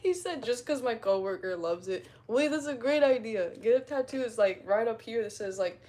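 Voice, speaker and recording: A woman's voice: a little high, animated, normal speed, mellow. Slangy young woman, rambling and laughing. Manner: rambling, slangy, laughs a lot, dramatic retelling. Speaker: streamer chatting with followers. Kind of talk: casual chat.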